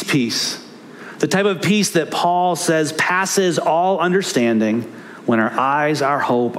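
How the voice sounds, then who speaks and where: A man's voice: medium pitch, fairly bright tone, slight background noise. A man preaching a sermon as pastor, earnest and emphatic, repeating key phrases for weight.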